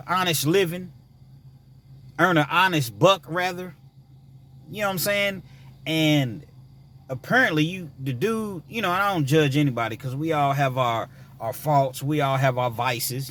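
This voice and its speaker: A man vlogging, telling a story in a casual, rambling way with many fillers, sometimes mimicking frantic girls in a high voice. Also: a bit bright, slight background noise.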